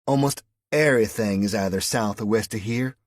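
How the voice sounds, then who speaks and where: A man's voice: lowish voice, normal speed, dry recording, studio quality, pitched above the performer's own voice, lightly acted. A man voicing a flirty, sarcastic woman from West Virginia with a West Virginia accent and a mocking, teasing drawl.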